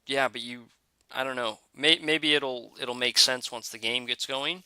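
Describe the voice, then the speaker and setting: A man talks through game changes in a relaxed, thinking-aloud way, often pausing on filler sounds and restarting his sentences. His voice is very bright and smooth. The recording is dry and close, with no room sound. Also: mid-range voice, dry recording. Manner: hesitant, many "uh" fillers and restarts. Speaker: gaming video creator. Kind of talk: casual game commentary.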